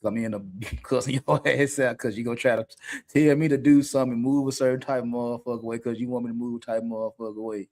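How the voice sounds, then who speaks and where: A man's voice: mid-range voice, steady tone, fast talker, a little mellow. A middle-aged man talking candidly as a podcast co-host, blunt and profane, often laughing mid-sentence. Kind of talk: candid unscripted talk.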